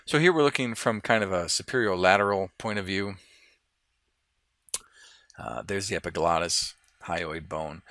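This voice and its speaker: A man teaching anatomy, walking through lab models in a relaxed, explanatory way with fillers and restarts. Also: lowish voice, gravelly, no room sound, studio quality. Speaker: anatomy instructor. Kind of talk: lab model walkthrough lecture.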